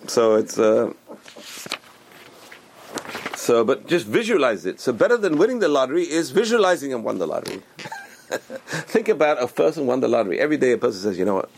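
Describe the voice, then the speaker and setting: A man's voice: mid-range voice, sing-song, a little fast, pauses often, darkish tone, a little hiss or hum. A man giving a motivational religious talk, speaking emphatically, repeating phrases and restarting his sentences.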